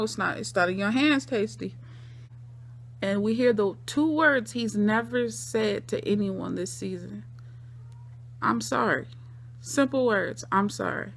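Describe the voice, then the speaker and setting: A woman's voice: medium pitch, a bit bright. A woman casually recapping and reacting to a TV episode, in a slangy, conversational way, with emphatic repeated phrases. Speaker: TV episode reviewer.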